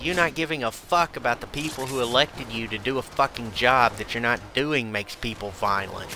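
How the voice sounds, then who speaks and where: A man's voice: medium pitch, moderate pace, few pauses, background noise. A man streaming a game and ranting angrily with constant swearing. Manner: profane, heated ranting. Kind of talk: angry ranting while gaming.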